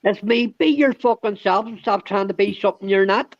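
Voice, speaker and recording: A man's voice: sits high, a little fast, dull audio. A man hosting a casual livestream chat, ranting at length, swearing heavily and repeating the same tag phrase. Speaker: show host.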